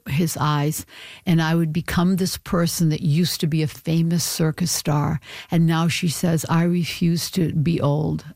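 A woman's voice: low voice, warm tone, dry recording. A woman in her seventies, a guest in a radio interview, talking in a chatty, emotional way and laughing easily. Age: 70s.

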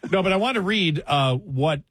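A man's voice: fairly high pitch, lively intonation, a little slow, a bit bright, slightly rough, dry recording. A man co-hosting a late-night talk radio show, chatting casually and laughing easily. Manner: conversational, laughs easily, reads a letter aloud.

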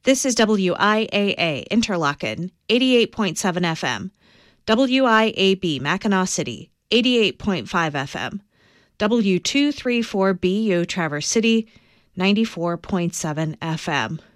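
A woman reads station call letters and frequencies in a crisp, even announcing voice. The sound is dry and close, with no room behind it. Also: mid-range voice, unhurried, no room sound. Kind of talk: station identification.

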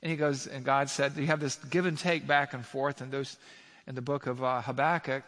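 A man's voice: mid-range voice, little pitch movement, moderate pace, fairly bright tone. Emphatic preacher man in a reverberant hall. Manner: emphatic, asks the audience rhetorical questions. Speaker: pastor. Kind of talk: sermon.

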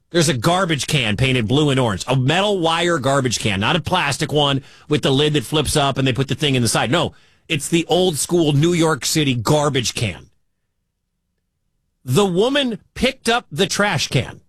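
A man's voice: a little high, fairly bright tone, husky, no room sound. An American man hosting a sports talk radio show, chatting loosely and animatedly with frequent restarts. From United States.

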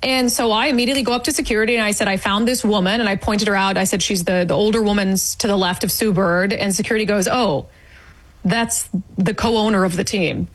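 Husky indignant woman telling a story. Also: medium pitch, steady tone, fast, hardly any pauses, rough recording. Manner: indignant, storytelling with quoted asides. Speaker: interview guest. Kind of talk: animated eyewitness account.

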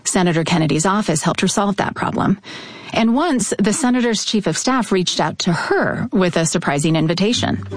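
A woman narrating a scripted documentary in a measured, even way. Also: mid-range voice.

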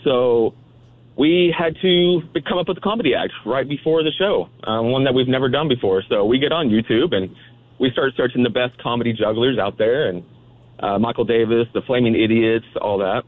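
A man's voice: medium pitch, normal speed. Easygoing man calling in by phone. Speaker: radio caller, professional juggler. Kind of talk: phone-in storytelling. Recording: dry tinny phone line.

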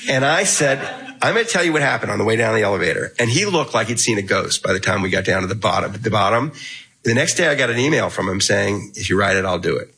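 A middle-aged man telling an animated anecdote as an interview guest, acting out the dialogue as he goes. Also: fairly low pitch, fast talker, slightly rough, rough recording. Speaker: guest author. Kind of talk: casual storytelling in an interview.

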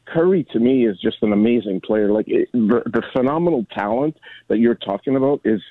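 A man's voice: mid-range voice, lively intonation, dry recording. Rambling older man on a phone line. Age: 60s. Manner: rambling, halting restarts. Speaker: caller. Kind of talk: phone-in sports talk.

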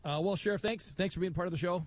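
A middle-aged man hosting a live radio talk show, telling stories in a lively way and acting out other people's voices. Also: high-pitched, fast. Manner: animated storyteller, acts out voices. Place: outdoor broadcast booth at a county fair.

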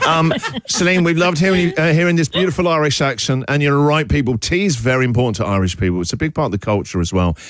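A man's voice: on the high side, no echo. A man hosting a radio show, chatting playfully with a caller in the studio. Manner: playful, quick and teasing. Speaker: radio host. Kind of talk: casual radio chat with a caller.

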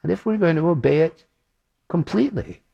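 A man's voice: a little high, lively intonation, a little fast, gravelly, dull audio. A man preaching a sermon, earnest and emphatic, repeating his key phrases.

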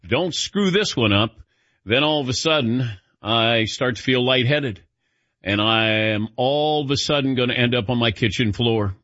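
A sports radio host chatting casually, telling a self-deprecating story in an animated way while feeling lightheaded. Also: male voice, medium pitch, normal speed, no echo, highs cut off.

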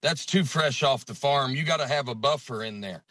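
Bright-voiced Southern man, lively chat. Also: mid-range voice, normal speed, slight background noise. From Alabama, US. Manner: animated, acts out quotes. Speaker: comedian guest. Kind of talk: casual interview chat.

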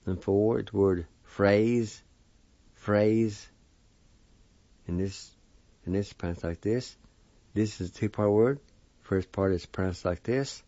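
A low-voiced man gives a pronunciation lesson in an unhurried, mellow tone, sounding out each word syllable by syllable. The recording is dry and slightly dull. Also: no echo. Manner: spells and sounds out words slowly, syllable by syllable. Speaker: language teacher.

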